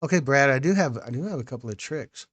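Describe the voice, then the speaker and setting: A man hosts a live stream after a documentary premiere and speaks casually to his viewers. He addresses people in the chat by name, repeats himself and restarts phrases as he talks. His voice sits at an ordinary middle pitch. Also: expressive, fast, a bit bright.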